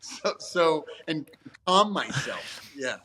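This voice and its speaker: A man, chatting as a guest over a video call, animated and swearing freely with frequent laughs. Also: fairly high pitch, slow, breathy edge. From New York, USA. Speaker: actor guest. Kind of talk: casual interview chat.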